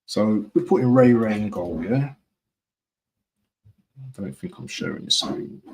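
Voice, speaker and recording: A man's voice: mid-range voice, sing-song, a little slow, gravelly, poor audio. A man from talking casually to his viewers on a live stream, repeating himself and often asking "yeah?". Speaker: football fan streamer.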